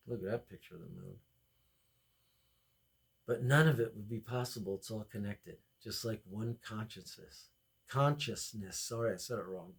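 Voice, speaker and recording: A man hosting a podcast, delivering a rambling, excitable comedy monologue that jumps from topic to topic. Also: mid-range voice, slightly rough. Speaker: podcast host.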